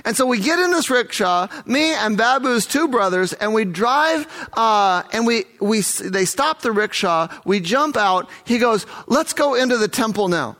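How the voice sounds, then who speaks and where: Man, very high voice, missionary, testimony story, earnest, vivid retelling. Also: animated, measured pace, hardly any pauses, sharp tone. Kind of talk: first-person testimony storytelling.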